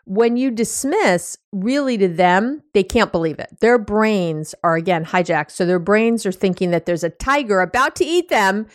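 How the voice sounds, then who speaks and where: A woman hosting a relationship podcast, explaining things in a casual, animated way with lots of "you know" and little acted-out exchanges, teasing her listeners fondly. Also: mid-range voice, moderate pace, few pauses, no room sound, studio quality. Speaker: relationship coach and podcast host.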